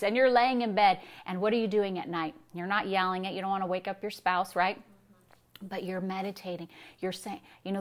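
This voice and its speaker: A woman's voice: medium pitch, steady tone, brisk. A woman pastor giving a sermon, preaching emphatically with repetition and rhetorical questions.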